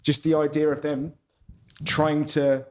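A comedian guest in a casual pub chat, talking in a loose, reflective way with phrases that trail off. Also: male voice, on the high side, monotone, measured pace, a little mellow.

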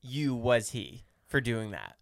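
A man from New Jersey hosting a podcast, chatting casually with a guest, relaxed and teasing with short questions. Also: mid-range voice, takes it slowly, gravelly, no echo, studio quality. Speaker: podcast host. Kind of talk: casual interview chat.

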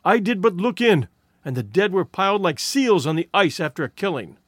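A man's voice: sits high, big pitch swings, brisk, no room sound. A man voicing a panting, awed villager.

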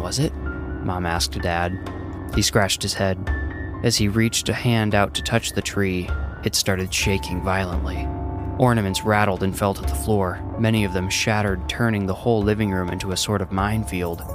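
A man narrating a first-person horror story in a measured, suspenseful way, with music underneath. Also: low-pitched.

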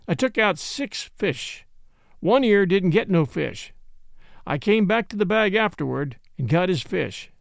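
A man voicing a gloomy, superstitious frontier dog-driver who talks in a slow, grave backwoods drawl. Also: high-pitched, lively intonation, gravelly, no room sound, studio quality, heavily acted. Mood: grave, insistent.

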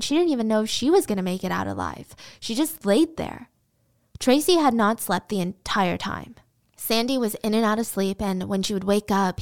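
A woman's voice: mid-range voice, vocal fry, darkish tone. A woman retelling a true crime story in a casual, conversational way with personal asides.

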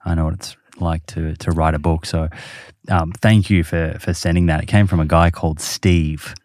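Very deep-voiced man explaining. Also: little pitch movement, moderate pace, a little mellow, no room sound, studio quality. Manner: explains studies at length with many fillers. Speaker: podcast host. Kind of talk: casual chat.

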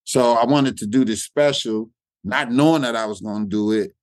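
A man's voice: medium pitch, normal speed, dry recording. Middle-aged man telling stories loosely. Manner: loose storytelling with repeated words and slang. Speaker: guest comedian. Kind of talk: reflective interview talk.

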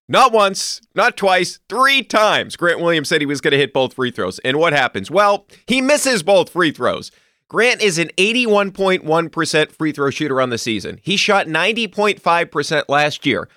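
A man hosting a sports podcast, ranting in an animated, emphatic way with occasional swearing. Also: on the high side, dry recording, clean studio sound. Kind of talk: solo sports commentary.

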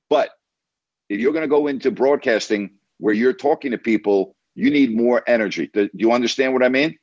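A man's voice: mid-range voice, dry recording, highs cut off. A man hosting a sports radio show, coaching a caller in an emphatic, repetitive, lecturing way.

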